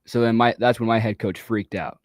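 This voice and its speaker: Chatting casually on a talk show, a youth baseball coach tells a story and brings the quoted back-and-forth to life with animation. He has a fairly low, steady voice, talks a little fast, and the recording is dry.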